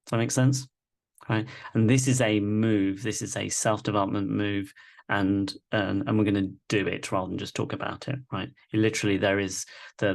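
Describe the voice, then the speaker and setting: Gravelly low-voiced man leading a workshop. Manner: reflective, repeats "right?" often. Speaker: workshop facilitator. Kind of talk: live online masterclass teaching. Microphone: video call.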